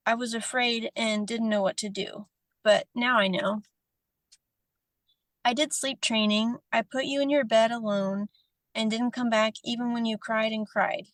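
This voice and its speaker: Podcast guest, woman, slightly high voice, tender and emotional delivery, dry sound. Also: no room sound. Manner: tender, emotional, laughs often. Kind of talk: reading a personal letter aloud, then casual chat.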